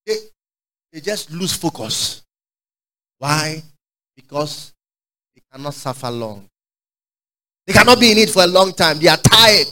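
A man preaching a sermon, fervent and call-and-response, swinging from shouts to quiet asides. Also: high-pitched, expressive, measured pace, long pauses, rough recording.

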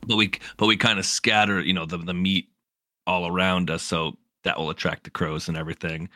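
A man's voice: low-pitched, flat delivery, brisk, pushed and bright, dry recording, clean studio sound. A man telling the story of a game run in casual chat, rambling with many fillers and restarts. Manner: rambling, full of "you know" fillers and restarts. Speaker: player recounting a game run.

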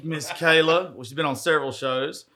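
A man's voice: on the high side, normal speed, sharp tone. A man hosting a podcast in rowdy, profane, joking casual chat, sounding hungover after an all-nighter. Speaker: podcast host.

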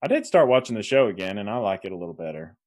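A man's voice: lowish voice, big pitch swings, rapid-fire, a little mellow. A man co-hosting a podcast in casual chat, rambling with restarts and laughing mid-sentence. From Kansas. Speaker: podcast co-host.

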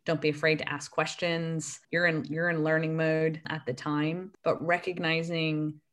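A woman's voice: sits low, flat delivery, measured pace, a bit bright. A woman in her thirties with an American accent, an Air Force officer telling stories with laughter as a podcast guest. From grew up in the UK. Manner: chatty, laughing storyteller. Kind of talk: casual podcast interview.

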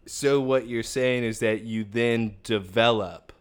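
A man co-hosting a laid-back episode recap, pressing his theories with insistent back-and-forth. His voice sits at an ordinary middle pitch for a man. He talks in a casual, conversational way. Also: takes it slowly, smooth. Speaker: podcast co-host.

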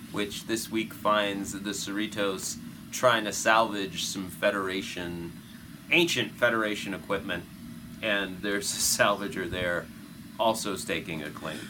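Low-voiced male podcast host, air-con hum. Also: a little slow. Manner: relaxed, leads the show through the episode. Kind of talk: casual fan podcast chat. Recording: audible air conditioning hum.

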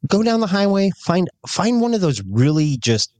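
A man co-hosting a podcast who talks in halting, casual chat, often repeating words and swearing. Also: high voice, big pitch swings, a little mellow, no echo. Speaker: podcast co-host.

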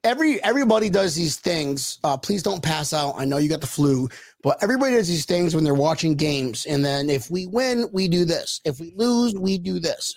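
A man hosts a loose group chat with friends, joking, swearing and stumbling into restarts. His pitch leaps around a lot as he teases his guests. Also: animated, normal speed, hardly any pauses, no room sound. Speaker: podcast host. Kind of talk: casual chat.

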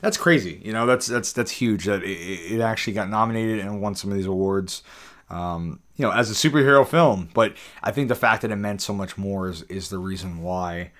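A man with a fairly low voice co-hosting a podcast in an easy, conversational way. He speaks in stops and starts, often doubling up words as he finds his point. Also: a little fast, a bit bright. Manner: stop-start, repeats words as he restarts. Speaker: podcast co-host. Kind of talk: casual podcast chat.

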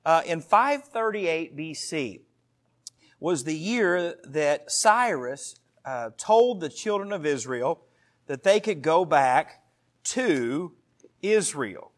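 A man's voice: fairly high pitch, expressive, slow. A man in his thirties preaching a sermon to his congregation, earnest and storytelling, with asides to the listeners. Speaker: pastor.

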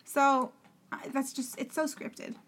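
An opinionated woman with a fairly high voice, trading takes on a reality show in casual podcast chat. She talks emphatically and cuts in often. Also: level tone, slow pace, fairly bright tone. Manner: opinionated, emphatic, talks over the other host. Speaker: podcast co-host.

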